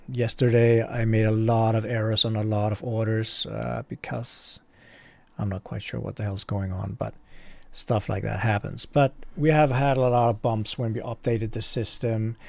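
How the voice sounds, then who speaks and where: A man's voice: mid-range voice, creaky, darkish tone, no echo. A man from Denmark, a shop owner talking to his viewers in a candid, rambling, self-deprecating vlog from his warehouse. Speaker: online hobby shop owner. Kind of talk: casual vlog talk to viewers.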